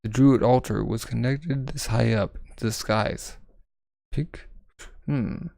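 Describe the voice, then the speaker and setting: A man's voice: mid-range voice, slow, creaky, darkish tone, no echo. A man reading a manga aloud casually, stumbling over words and adding side comments with fillers. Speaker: manga reader. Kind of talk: casual manga read-along narration.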